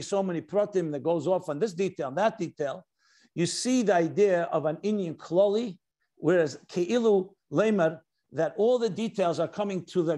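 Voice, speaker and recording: A man with a notably high voice delivers a Torah lecture as a rabbi. He explains step by step, leans hard on key words and slips between English and Hebrew and Yiddish terms, reading quoted passages aloud. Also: darkish tone. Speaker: rabbi teaching a class.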